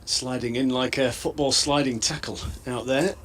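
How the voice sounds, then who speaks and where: A man giving thoughtful, measured live cricket analysis as co-commentator. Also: medium pitch, steady tone, slight background noise.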